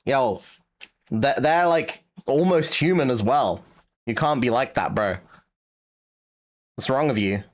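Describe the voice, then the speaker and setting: Slow-talking British male streamer. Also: medium pitch, animated. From Britain. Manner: teasing, joking banter with chat. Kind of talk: casual livestream chat.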